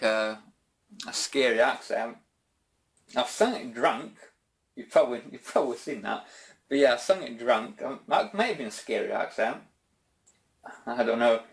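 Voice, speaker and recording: A Scottish man chats casually through viewer questions on his channel. His talk is loose and informal, peppered with "bloody" and "mate", in a voice of ordinary middle pitch. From Scotland. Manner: chatty and informal, says "bloody" and "mate" a lot. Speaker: YouTube gaming channel host. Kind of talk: casual Q&A vlog chat.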